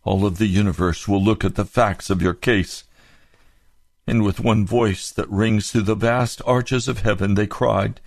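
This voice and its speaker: A male preacher with a fairly low voice delivers an impassioned sermon. He drives home rhetorical questions and climbs to high, emphatic peaks. The sound is dry and close to the mic. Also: fairly even intonation, unhurried, creaky, darkish tone, no echo.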